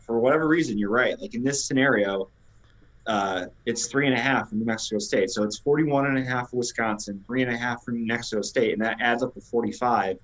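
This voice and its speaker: A man's voice: medium pitch, fairly quick, fairly bright tone, rough recording. Regular guy breaking down betting lines on a sports pod, matter-of-fact. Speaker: podcast co-host. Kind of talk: casual sports chat.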